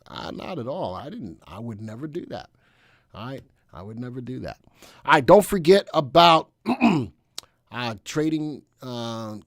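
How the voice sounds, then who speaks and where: A chatty male host runs a stock-market livestream, offering casual commentary in a relaxed way and reading the live chat aloud. His voice is mid-range, and the recording is dry.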